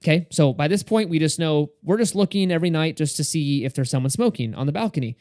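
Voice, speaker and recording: A man's voice: on the high side, lively intonation, fast, few pauses, a little mellow, no room sound, studio quality. A young man co-hosting a podcast, telling a story in casual chat and acting out the quoted dialogue. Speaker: podcast co-host.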